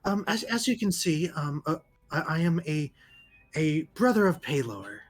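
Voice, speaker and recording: A tabletop player voicing a smooth-talking cleric who calls everyone dear, soft-spoken and halting. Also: medium pitch, big pitch swings, faint music behind. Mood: ingratiating.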